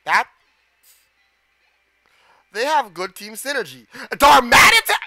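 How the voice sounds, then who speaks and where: A man streaming a game live, giving excitable commentary, gasping, shouting and swearing at the screen. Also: sits high, moderate pace, no room sound.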